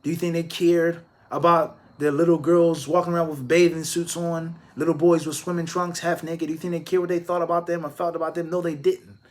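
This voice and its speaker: A man, an Islamic scholar, answering viewer questions live, explaining calmly with Arabic religious phrases and pressing his points with strings of rhetorical questions. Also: fairly high pitch, brisk, hardly any pauses. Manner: emphatic, stacking rhetorical questions.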